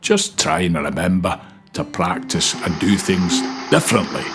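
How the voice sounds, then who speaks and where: A man reading advice slowly in a theatrical put-on Scottish accent. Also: low-pitched, expressive, over music. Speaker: co-presenter. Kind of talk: reading advice in a comic audition voice.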